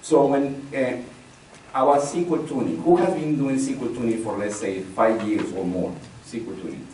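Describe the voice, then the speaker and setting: A man's voice: mid-range voice, steady tone, moderate pace, mellow. A man leading a live technical training session, talking conversationally, repeating key phrases and polling the audience. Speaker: instructor. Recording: very echoey room from far off, faint noise.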